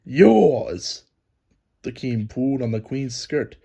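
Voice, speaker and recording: A man narrating a children's storybook aloud in a lively, expressive reading. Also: mid-range voice, moderate pace. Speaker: storybook reader.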